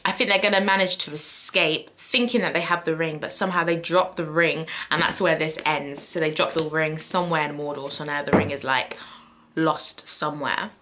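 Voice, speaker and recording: A woman's voice: low voice, fairly even intonation, normal speed, sharp tone, a little hiss or hum. A young woman chatting casually to camera in a vlog, rambling and thinking aloud with fillers and self-corrections. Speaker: book vlogger.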